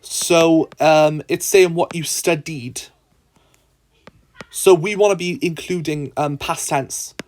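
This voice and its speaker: A man's voice: a little high, slow pace, a little mellow. A man tutoring in a casual screen-recorded lesson, thinking aloud with frequent ums.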